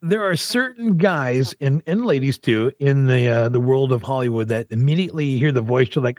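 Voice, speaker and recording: A man's voice: mid-range voice, lively intonation, moderate pace, no echo. A man co-hosting a radio talk show in an easygoing, chatty way. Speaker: radio co-host.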